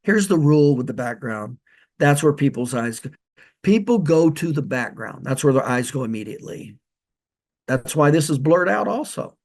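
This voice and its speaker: His fairly high voice is animated and a bit mellow, at normal speed. This practice consultant runs a casual training video with loose direct instructions and many restarts, handling a lavalier like a handheld mic.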